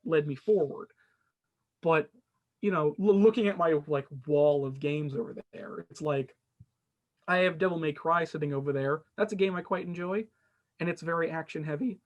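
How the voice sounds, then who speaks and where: A man's voice: on the high side, normal speed, dull audio. A young man hosting a casual podcast, rambling with many restarts and fillers. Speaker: podcast host. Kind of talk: casual chat.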